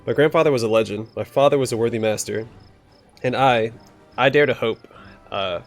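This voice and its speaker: A man's voice: medium pitch, brisk, soft background music, lightly acted. A man reading out the lines of an earnest, proud male dwarf smith in a video game, in a plain read-aloud way.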